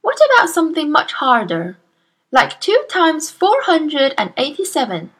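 A woman reading a storybook, voicing a kind young schoolteacher who speaks to her class in an encouraging, measured way. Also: high-pitched, huge pitch swings, a bit bright, voice pushed up, heavily acted. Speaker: teacher.

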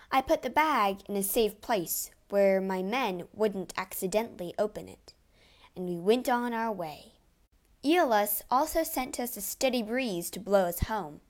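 A woman reads an adventure tale aloud in the first person, with an expressive, storybook delivery. Her pace is slow and deliberate, and her pitch sits in a moderate middle range. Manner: expressive, measured. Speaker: narrator.

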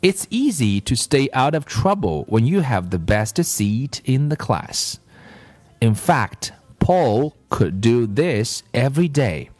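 Expressive, slow-reading male storyteller. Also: mid-range voice. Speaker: narrator. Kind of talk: children's story read aloud.

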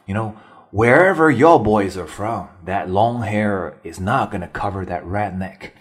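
A man voicing a loud southern redneck woman from Alabama, with a Southern US accent and a slow drawling taunt. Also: lowish voice, lively intonation, husky. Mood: mocking drawl.

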